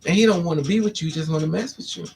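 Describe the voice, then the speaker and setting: A livestream host delivers a candid monologue in rapid-fire speech with vocal fry, faint music behind her. Sassy and blunt, she sprinkles "honey" and "child" through her stories and animatedly swings into dramatic, high-pitched put-on voices for other people.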